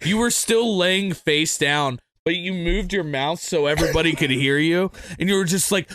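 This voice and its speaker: A man's voice: fairly high pitch, moderate pace, fairly bright tone, no echo, clean studio sound. A man on a casual podcast with friends, teasing and laughing while recalling a party night. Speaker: podcast co-host. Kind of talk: casual chat among friends.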